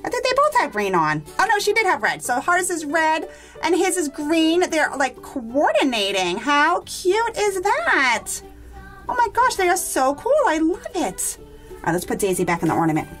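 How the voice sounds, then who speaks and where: A woman's voice: sits high, huge pitch swings, normal speed, fairly bright tone, faint music behind. A woman hosting a toy unboxing vlog, gushing with enthusiasm and talking to her viewers as guys. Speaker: toy unboxing channel host.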